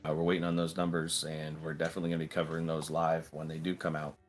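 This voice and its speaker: Deep-voiced man hosting a trading stream. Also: fast talker, faint music behind. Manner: relaxed, joking, explains plainly. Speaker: livestream stock trading host. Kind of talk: casual livestream commentary.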